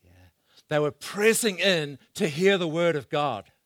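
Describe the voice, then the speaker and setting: A man preaching a sermon, swinging between loud bursts and hushed asides as he asks the congregation questions. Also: on the high side, measured pace, no echo, clean studio sound.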